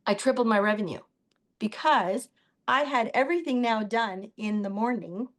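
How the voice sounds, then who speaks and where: Chatty, animated woman guest, higher voice. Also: normal speed. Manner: animated, chatty, quotes others in dialogue. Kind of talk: casual interview storytelling.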